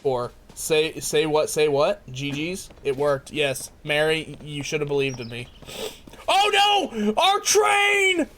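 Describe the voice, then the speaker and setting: A man streaming a game live, chatting casually with his viewers, excitable and laughing often. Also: a little high, unhurried, hardly any pauses. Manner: excitable, laughs often, talks to chat by name. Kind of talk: casual live-stream chat while playing.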